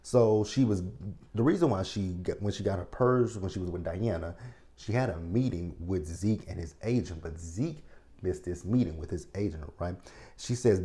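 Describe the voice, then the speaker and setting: A man in his thirties with a low, deep voice and a mellow, dark tone rants his way through a TV episode recap. He talks straight to his viewers in a blunt, profane, casual way. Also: normal speed. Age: 30s. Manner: blunt, profane, ranting commentary. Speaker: TV episode reviewer.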